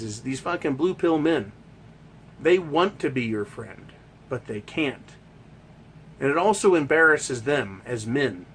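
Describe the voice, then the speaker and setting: A man's voice: medium pitch, a bit bright, slight background noise. A man hosting a ranting monologue, talking in a heated, emphatic and profane way. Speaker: host.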